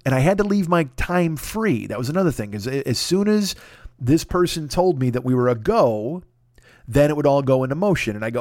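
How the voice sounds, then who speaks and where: A man telling a story in a casual monologue, animated and profane, often acting out the dialogue. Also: medium pitch, fast talker, no room sound, clean studio sound. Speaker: podcast host.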